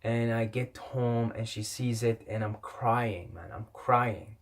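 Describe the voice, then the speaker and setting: A man's voice: medium pitch, slow pace. Young man telling a rambling, sweary story. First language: not English. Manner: rambling, repetitive, swears often. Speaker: vlogger. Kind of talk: casual storytelling.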